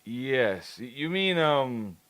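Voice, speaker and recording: A man's voice: mid-range voice, big pitch swings, slow pace, fairly bright tone, no echo. Rambling, swearing man on a podcast. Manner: rambling, swears freely, laughs often. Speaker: podcast co-host. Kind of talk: casual chat.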